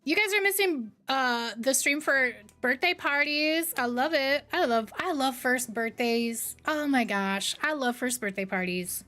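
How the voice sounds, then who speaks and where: A woman's voice: unhurried, few pauses. Chatty woman streamer, music underneath. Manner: chatty, rambling, swings between bright greetings and low asides. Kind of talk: casual chat reading live chat.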